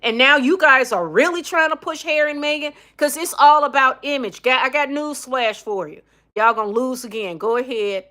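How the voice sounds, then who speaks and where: A woman's voice: sits high, normal speed, pushed and bright. A middle-aged woman hosting a casual opinion livestream, blunt and emphatic, reading viewer comments. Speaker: livestream host.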